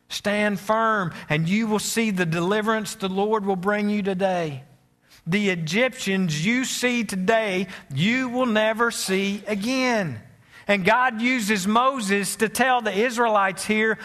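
A man's voice: high voice, bright, forceful tone. A man, preaching a sermon as pastor, joking with the congregation and stretching words out for emphasis. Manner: joking asides, preaching cadence with drawn-out emphasis.

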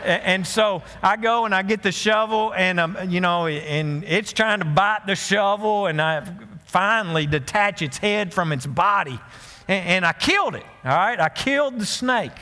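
A man's voice: high-pitched, expressive, normal speed, pushed and bright, long reverb tail. A man preaching a sermon as pastor, telling stories in a folksy way with many restarts and asides to the congregation. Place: church sanctuary.

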